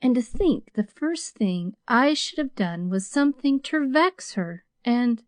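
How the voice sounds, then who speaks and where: A woman voicing a warm-hearted former maid who soothes and pleads in homely speech, in a storybook reading. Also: fairly high pitch, animated, measured pace, dry recording, pitched above the performer's own voice. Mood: soothing.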